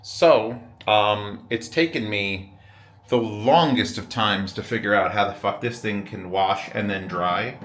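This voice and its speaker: A man's voice: lowish voice, measured pace, fairly bright tone. A man hosting a casual vlog from a hotel room, rambling wryly and swearing often. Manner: rambling, profane and wry. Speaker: vlogger host.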